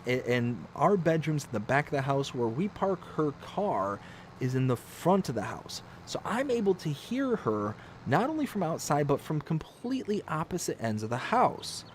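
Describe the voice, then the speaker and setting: A man hosting a livestream spins a casual story, his voice sitting a bit high and bouncing all over as he acts out each moment. A faint hiss runs underneath. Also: sing-song, moderate pace. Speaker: livestream host.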